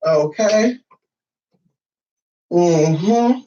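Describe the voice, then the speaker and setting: A man vlogging casually from home, sassy and profane, cooing baby talk at his dog, his voice a little hoarse. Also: high voice, lively intonation, extremely slow, dark tone, lo-fi sound, a little hiss or hum. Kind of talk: casual chat to camera.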